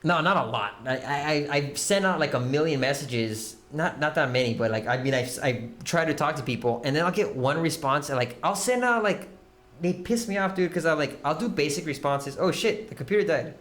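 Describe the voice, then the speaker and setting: A man's voice: a little high, a little fast. Rambling, profane young man telling stories. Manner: rambling, profane, animated storytelling. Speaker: podcast co-host. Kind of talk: casual chat.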